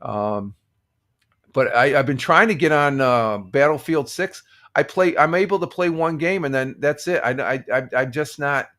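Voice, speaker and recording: A man's voice: on the high side, moderate pace, fairly bright tone. An older man from upstate New York hosting a casual morning livestream, rambling with many fillers and restarts while greeting viewers by name. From United States. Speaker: livestream host. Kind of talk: casual chat with chat readers.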